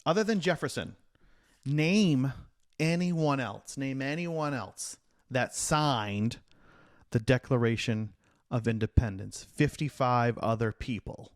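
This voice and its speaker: A man's voice: mid-range voice, slow pace, dry recording, clean studio sound. Middle-aged man teasing and quizzing his kid. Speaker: podcast host. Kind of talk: casual chat.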